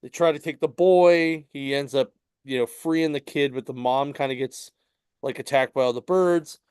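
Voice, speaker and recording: A man's voice: medium pitch, normal speed, darkish tone, clear, resonant tone, dry recording, studio quality. A man co-hosting a podcast, telling a story in casual chat that is full of fillers and chuckles. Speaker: podcast co-host at a comic shop. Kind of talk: casual chat recapping a comic book.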